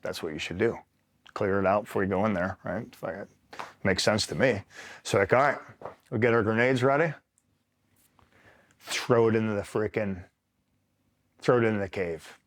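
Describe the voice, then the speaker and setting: A man's voice: on the low side, normal speed, pauses often. A middle-aged man from upstate New York, a retired Marine, casually telling war stories, swearing freely and acting out quotes with a laugh. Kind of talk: casual storytelling interview.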